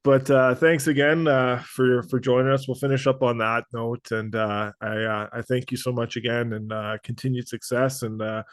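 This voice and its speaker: A man hosting a podcast, speaking earnestly and haltingly, with many pauses and restarts. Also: medium pitch, flat delivery, clear, resonant tone, no room sound. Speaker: podcast host. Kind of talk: casual interview chat.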